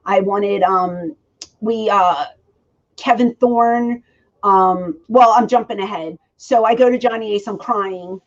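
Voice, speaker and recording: This interview guest, a woman in her forties, speaks slowly in a mid-range voice. Telling stories in a shoot interview, she acts out quoted dialogue with animation; the recording is dull and lo-fi.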